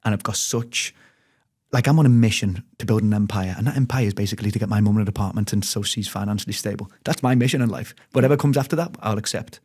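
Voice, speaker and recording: A man's voice: lowish voice, a little mellow, husky. A man, an interview guest speaking openly and earnestly about his life. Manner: open, earnest, rapid storytelling. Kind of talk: candid personal interview.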